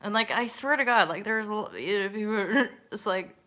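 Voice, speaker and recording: A Canadian woman hosts a casual livestream, speaking briskly in a mid-range voice with a sharp tone. Bubbly and chatty, she laughs often and swears freely.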